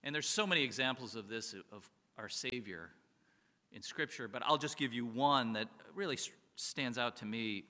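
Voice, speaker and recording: A man's voice: mid-range voice, moderate pace, bright, forceful tone. A man giving a conversational sermon as a pastor, often chuckling and asking his listeners rhetorical questions. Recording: reverberant hall.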